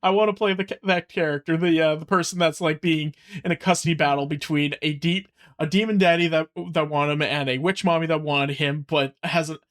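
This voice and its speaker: A video-reaction host rambles through ideas with many fillers and frequent laughs. The voice sits at a middle pitch and is relaxed and casual. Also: fairly quick, hardly any pauses.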